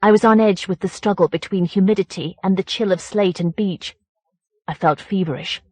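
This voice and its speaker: A woman reading a first-person horror story aloud as an audiobook narrator, in a measured, deliberate way. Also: mid-range voice, a little mellow, dry recording.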